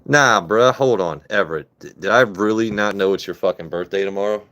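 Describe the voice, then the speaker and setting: A man's voice: fairly low pitch, a little fast, a bit bright. A man in his late thirties from Maryland, casually chatting and joking with viewers on a phone live stream, loose and profane. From Maryland, USA. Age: 30s.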